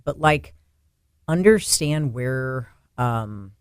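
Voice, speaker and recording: With a very deep, smooth and expressive voice that draws out its words, this co-host of a faith and fitness show talks earnestly on a faith podcast, rising to emphatic exclamations. The sound is clean studio audio without echo.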